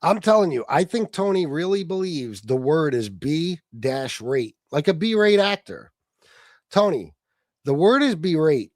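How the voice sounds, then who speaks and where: A man hosting a livestream, arguing in a heated, profane and mocking way, sometimes shouting. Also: high voice, very animated, normal speed, no echo, clean studio sound. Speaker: livestream host.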